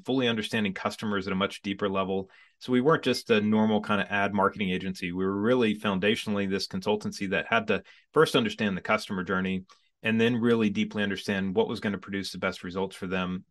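A man in his forties, a guest on an interview podcast, telling his business story in a casual, animated way and acting out his own past reactions. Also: fairly low pitch.

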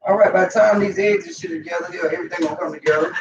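A middle-aged Southern US man cooks in his home kitchen for his vlog, chatting casually, cursing, and addressing viewers directly. His high voice is steady and very fast, captured by a roomy, distant, dull mic with faint noise.

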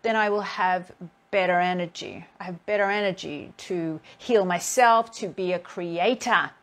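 Animated woman telling stories in a live stream. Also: fairly low pitch, moderate pace. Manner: animated storyteller who acts out both sides of encounters. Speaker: healing therapist hosting a live stream. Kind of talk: casual spiritual talk.

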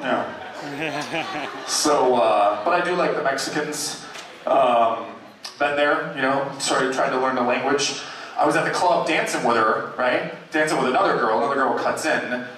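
Rambling stand-up comedian in an echoey club. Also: male voice, moderate pace, a bit bright, far from the mic, slight background noise. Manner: loose rambling delivery with many fillers, shrill put-on voices for quoted people. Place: comedy club stage with audience. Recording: very echoey club audio from afar. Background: audience laughter and room ambience.

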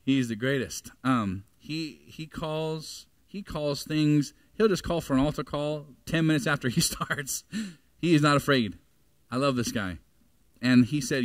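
Man, forties, church pastor, higher-pitched, dry close sound, chatty sermon with questions to the room. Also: measured pace, no room sound. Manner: conversational preaching, asks the congregation questions. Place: church sanctuary.

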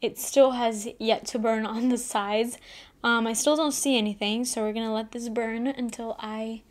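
A young woman in a casual unboxing vlog, gushing and excited, with lots of "like" fillers. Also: fairly high pitch, normal speed. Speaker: beauty vlogger.

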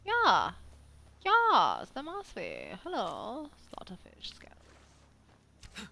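A woman streaming a video game, chatting excitably and talking back to what happens on screen. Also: mid-range voice, unhurried, vocal fry, pauses often. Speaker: gameplay streamer. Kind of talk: live let's-play commentary.

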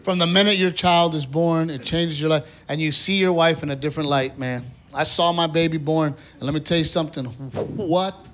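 A man performing a stand-up comedy set on stage, telling a story in an animated way and acting out the voices of the people in it. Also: on the high side, moderate pace, few pauses. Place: comedy theater stage with live audience. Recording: live stage recording with crowd noise. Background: audience laughter and applause.

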